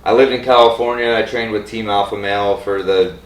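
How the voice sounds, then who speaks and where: A man's voice: fairly low pitch, fairly even intonation, fairly quick, distant mic. A man being interviewed as a guest on a podcast at home, easygoing and matter-of-fact as he tells his story. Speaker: MMA fighter, guest. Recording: roomy echo, off-mic.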